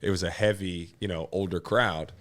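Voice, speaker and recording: A man, a TV personality talking high-energy and slangy as an interview guest. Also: steady tone, normal speed, a bit bright. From New Orleans. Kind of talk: casual interview chat.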